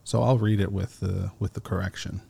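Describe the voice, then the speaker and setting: A man hosting a casual solo podcast, talking slowly and haltingly with many fillers, still foggy after an edible. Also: deep voice, fairly even intonation, gravelly, dark tone, slightly rough. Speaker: podcast host.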